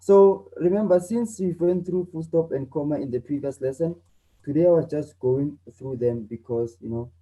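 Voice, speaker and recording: A teacher giving an online lesson, acting out the example exclamations loudly and often checking in with "okay?". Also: medium pitch, normal speed, rough recording. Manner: acts out exclamations loudly, tags lines with "okay?".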